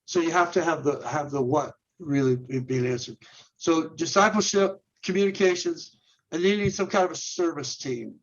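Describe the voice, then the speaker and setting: A man's voice: a little high, moderate pace, highs cut off. A man, a ministry leader, explaining steps in an interview in an earnest way, firing off rhetorical questions and often restarting his words. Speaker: guest, men's ministry leader. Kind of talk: instructional interview talk.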